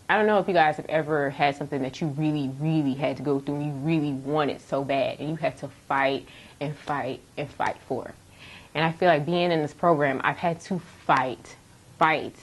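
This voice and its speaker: Low-voiced woman telling her testimony. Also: slightly rough. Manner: candid, animated storytelling with laughs. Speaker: nursing student. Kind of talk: personal testimony.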